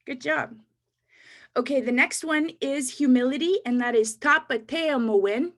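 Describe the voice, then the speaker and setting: A woman's voice: high-pitched, measured pace, a bit bright. A Canadian woman, a poet and educator, reciting rhyming spoken word poetry and coaching listeners to repeat words after her. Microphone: online webinar mic.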